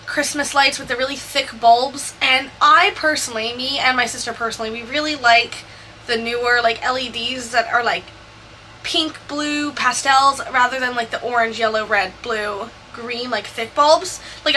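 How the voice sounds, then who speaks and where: Bright high-voiced young woman, chatty. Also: slight background noise. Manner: chatty, profane, quick asides. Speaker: Sims builder and vlogger. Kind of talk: casual storytelling voice-over.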